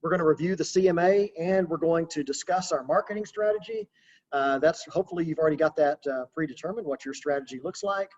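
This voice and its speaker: A man coaching real estate agents in a relaxed, conversational webinar talk over a video call. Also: a little high, fast talker, lo-fi sound. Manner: casual, conversational, practical coaching.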